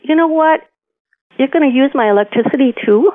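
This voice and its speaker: An older retired woman speaks on a tinny phone line. She is indignant and upset and stammers as she argues. Her voice is fairly high and sounds close and dry. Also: expressive, a little fast, dry recording. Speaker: prank call target. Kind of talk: phone call.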